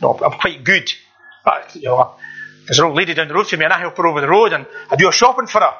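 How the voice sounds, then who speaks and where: Brief: preacher putting on a smug churchgoer man, halting and self-justifying, high bright voice, dull lo-fi sound. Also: animated, husky, heavily acted. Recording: dull lo-fi recording.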